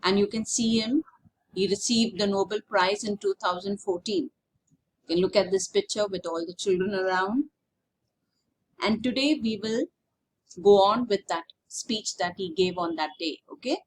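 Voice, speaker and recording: A woman's voice: mid-range voice, normal speed, breathy edge. A woman, a teacher who reads a text aloud and then explains it in plain words with many fillers. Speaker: English teacher. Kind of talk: online class lesson, reading aloud and explaining.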